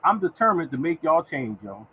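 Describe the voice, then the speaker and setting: A man's voice: fairly high pitch, very animated, moderate pace, fairly bright tone, a little hiss or hum, rough recording. A man hosting a casual livestream, talking in a repetitive, exhortative way and turning now and then to thank viewers in the chat by name. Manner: repetitive and exhortative, keeps addressing listeners as y'all. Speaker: livestream host giving lottery picks. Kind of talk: casual motivational livestream talk.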